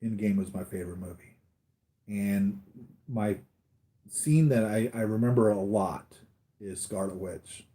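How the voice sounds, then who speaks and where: A man's voice: on the low side, measured pace, pauses often, mellow. A man hosting a live stream about his collectibles, chatting casually in a rambling, enthusiastic fan manner with lots of fillers. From United States. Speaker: collectibles vlogger.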